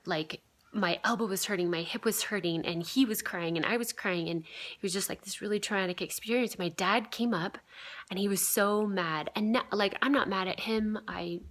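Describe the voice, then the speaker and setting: A woman's voice: mid-range voice, fairly bright tone. A woman in her thirties telling a personal healing story in a casual, earnest way, with frequent fillers and a voice that trails into a whisper at the end of phrases. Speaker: vlogger sharing a healing story.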